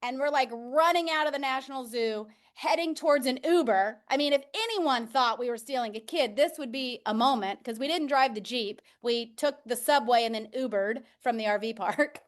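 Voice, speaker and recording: A woman co-hosting a casual chat, with a high voice. She laughs often and jumps in quickly to agree with her partner. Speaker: podcast co-host.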